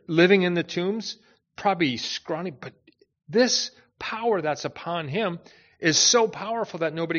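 A man preaching a sermon in a conversational, animated way, with many asides to the listeners. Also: a little high, highs cut off. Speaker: pastor.

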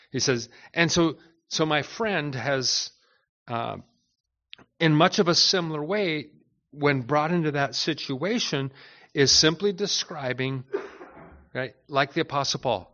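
A man's voice: medium pitch, moderate pace, a bit bright, lo-fi sound. A man teaching a Bible study as a pastor, talking in a conversational way with frequent restarts and repeated words.

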